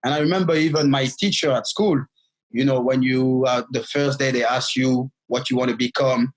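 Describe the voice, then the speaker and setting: A man from France, a non-native speaker of English with a French accent, recounts his life as a podcast guest. He tells his stories in an animated way and speaks in loose, imperfect English. His voice sits at an ordinary, middling pitch for a man. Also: normal speed, poor audio. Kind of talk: storytelling interview.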